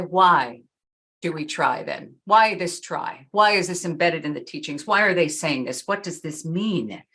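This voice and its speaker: A middle-aged woman gives a talk with a slightly low voice. She speaks earnestly and with emphasis. She slows down to lean on the phrases she wants to land. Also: fairly bright tone. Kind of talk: talk with slides.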